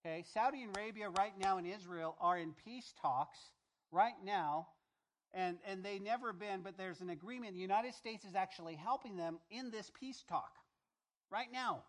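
Man, pastor, sermon, fairly high-pitched, emphatic, rhetorical questions, repeats himself. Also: moderate pace. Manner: talks directly to the congregation. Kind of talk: sermon-style Bible teaching.

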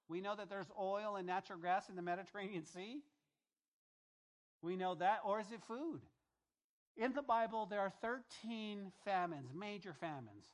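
A man with a fairly high voice delivers a sermon-style Bible lesson. He talks straight to his listeners, doubling back on phrases and pressing them with rhetorical questions. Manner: talks directly to the congregation. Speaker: pastor.

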